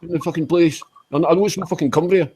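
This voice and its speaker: A man's voice: on the high side, steady tone, quick pace, darkish tone, slightly rough, low-quality recording. A man bantering and swearing in a casual group video chat, often stumbling and restarting his sentences. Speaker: chat participant.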